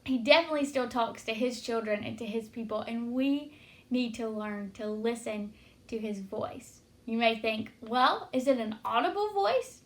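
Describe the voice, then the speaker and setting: A woman's voice: fairly high pitch, fairly even intonation, moderate pace. A woman giving an earnest devotional teaching, telling stories to encourage listeners. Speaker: Christian teacher.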